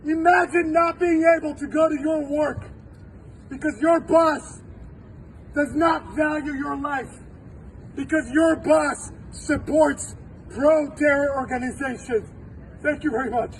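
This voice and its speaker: Man, 40s, professor at a rally; fervent, deliberate delivery, distant mic outdoors with faint city noise. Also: very high-pitched, fairly even intonation. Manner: fervent, repeats phrases, shouting at times. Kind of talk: impassioned rally speech. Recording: distant outdoor recording with crowd and street noise.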